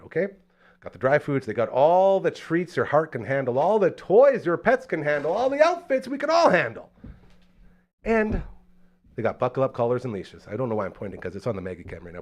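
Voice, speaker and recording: A man hosting a live local talk show with energetic, hype delivery, from Canada. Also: mid-range voice. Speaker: host.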